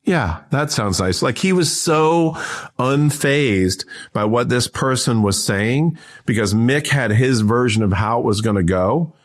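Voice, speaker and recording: A man in his fifties, a guest on an interview, telling anecdotes in a lively, restart-heavy way. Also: medium pitch, measured pace. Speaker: guest, entrepreneur and author. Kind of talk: casual interview storytelling.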